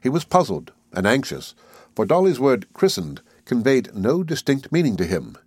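A man narrating a classic novel as an audiobook in a measured, even storytelling way. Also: mid-range voice, slightly rough, no room sound.

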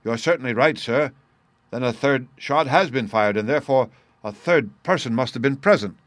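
A man's voice: medium pitch, moderate pace, no echo, close to an everyday voice. A man reading a middle-aged male country doctor who speaks earnestly and respectfully. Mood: puzzled.

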